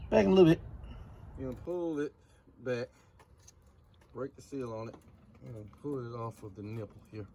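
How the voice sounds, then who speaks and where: A man's voice: mid-range voice, lively intonation, normal speed, creaky, pauses often, dark tone, a little hiss or hum. Profane, sarcastic DIY car mechanic man. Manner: profane, sarcastic, laid-back. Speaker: DIY car repair vlogger. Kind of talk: casual how-to narration. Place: garage or driveway, working on a car.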